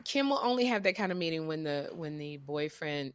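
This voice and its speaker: A woman hosting a talk show, teasing and telling stories in a lively comedic way. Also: low-pitched, brisk, dry recording. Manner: animated, teasing storyteller. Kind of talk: comedic casual chat.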